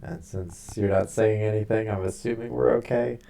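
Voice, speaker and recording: A man streaming live, chatting with his viewers and then reading a book aloud, halting now and then and stumbling over hard names. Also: lowish voice, fairly even intonation, vocal fry, mellow.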